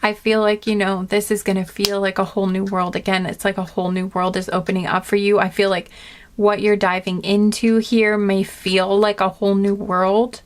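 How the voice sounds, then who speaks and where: A woman giving a casual spoken tarot reading to her viewers, gentle and earnest, rambling with many fillers and restarts. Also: medium pitch, level tone, normal speed. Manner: earnest and emotional. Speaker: tarot reader.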